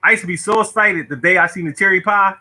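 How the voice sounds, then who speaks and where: Bright-voiced man laughing through a story. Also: high-pitched, quick pace, low-quality recording. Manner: laughs often, animated, imitates people. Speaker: storyteller host. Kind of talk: casual storytelling monologue to viewers.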